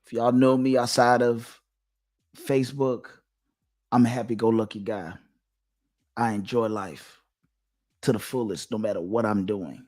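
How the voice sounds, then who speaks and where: A man's voice: mid-range voice, fairly even intonation, a little slow, long pauses, a little mellow. A man hosting his own channel, talking straight to his viewers in a lecturing, emphatic monologue that circles back and repeats its points. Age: adult, father of two. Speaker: channel host giving dating commentary. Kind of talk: direct-to-camera monologue.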